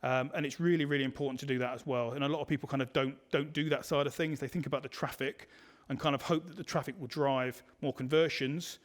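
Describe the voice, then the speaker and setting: A man's voice: medium pitch, steady tone, fast talker. A man presenting a digital marketing webinar in a conversational way, full of fillers and restarts. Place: online webinar.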